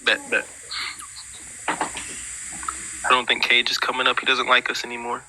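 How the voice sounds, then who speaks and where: A man's voice: mid-range voice, monotone, unhurried, noisy background. A man joking offhandedly in a casual online debate chat.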